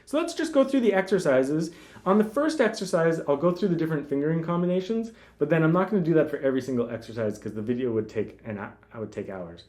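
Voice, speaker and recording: Relaxed man teaching guitar, lively voice. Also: fairly high pitch, fast talker. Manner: relaxed, talks while demonstrating, counts fingerings aloud. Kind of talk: casual spoken lesson. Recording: guitar playing in the background. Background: guitar music.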